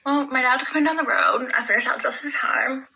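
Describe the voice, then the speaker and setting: A woman's voice: high-pitched, a little fast, creaky, bright, forceful tone, low-quality recording. A woman telling a rambling personal story in casual, profane talk, full of "like". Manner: rambling, profane, heavy use of "like".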